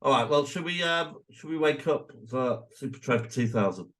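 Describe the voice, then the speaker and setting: A man's voice: normal speed, a little hiss or hum. A man co-hosting a podcast, chatting casually and arguing his points with animation. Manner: animated, jumps high when arguing. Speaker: podcast co-host. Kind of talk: casual banter.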